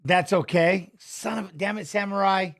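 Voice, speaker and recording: A man's voice: sits high, gravelly. A man hosting a fight watch-along in casual, rambling commentary, muttering asides and rattling off stats. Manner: rambling, muttered asides and quick stat reading.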